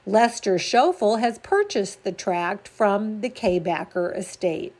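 Slow, measured woman reading local news. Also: medium pitch, darkish tone. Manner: measured, deliberate delivery with occasional stumbles. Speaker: news reader.

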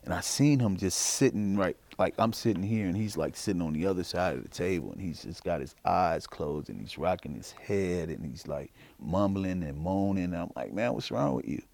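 A middle-aged man from Chicago giving a personal testimony in a halting, informal way, full of fillers. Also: deep voice, expressive, gravelly, darkish tone, no echo. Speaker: interviewee.

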